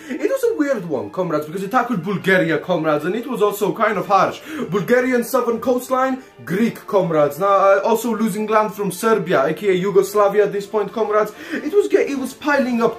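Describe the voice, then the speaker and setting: A man hosting a comedic history explainer, joking and swearing and calling his viewers comrades. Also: high voice. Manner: profane, jokey, calls the audience comrades constantly. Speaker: history video host.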